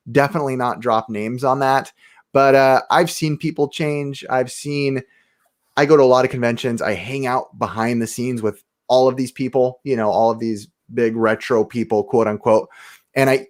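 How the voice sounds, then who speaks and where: Upbeat talkative man on a livestream. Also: medium pitch. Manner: upbeat, talkative anecdote teller. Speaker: YouTube show host, guest. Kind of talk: casual livestream chat.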